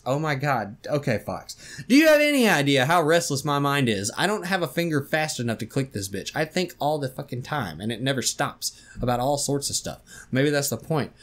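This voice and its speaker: A man's voice: mid-range voice, big pitch swings, a little fast, few pauses, fairly bright tone. A man giving casual, profane, self-mocking commentary while playing a game, drowsy and sighing often. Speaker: gameplay streamer. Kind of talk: casual let's-play commentary.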